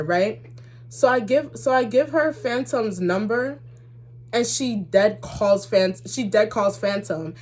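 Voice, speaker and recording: A young woman tells a personal story on her vlog, casual and full of slang. Her voice sits a little high and she acts out the dialogue with animation, laughing now and then. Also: expressive, unhurried, darkish tone. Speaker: vlogger.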